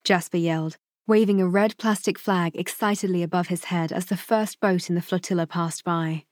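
Woman audiobook narrator, lowish voice, steady delivery, dry booth sound. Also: no echo. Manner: measured, even storytelling.

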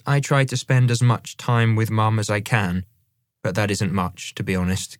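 Man, audiobook narrator, memoir, conversational, measured, slightly low voice, dead dry studio. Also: no echo. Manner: measured, conversational first-person reading.

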